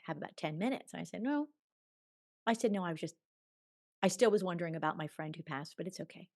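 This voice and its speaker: A woman in her sixties, a podcast guest telling a personal story in an animated way, acting out quoted dialogue and laughing often. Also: fairly low pitch, fast talker. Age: 60s. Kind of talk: storytelling in a conversational interview.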